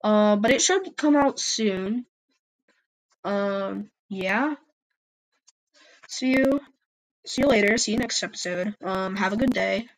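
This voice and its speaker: A woman's voice: mid-range voice, takes it slowly, pauses often, rough recording. A woman narrating an amateur fan story and chatting to listeners, hesitant and full of fillers. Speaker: storyteller and channel host.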